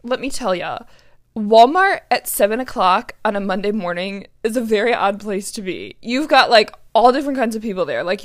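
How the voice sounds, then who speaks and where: A young woman hosting her own podcast, talking casually, earnest and emotional, with lots of fillers and restarts. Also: mid-range voice. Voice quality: chatty, many fillers and restarts. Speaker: podcast host. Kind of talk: casual solo podcast chat.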